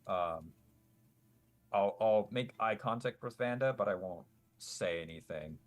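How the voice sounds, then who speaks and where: A man playing in a tabletop game, calmly describing his character's actions. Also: fairly low pitch, unhurried. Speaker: player. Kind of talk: casual tabletop play.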